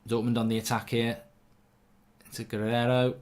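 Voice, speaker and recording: In a mid-range voice with flat delivery, a man runs a live football watchalong, chatting casually and reading out what viewers comment. He voices strong opinions and is quick to get worked up over refereeing calls.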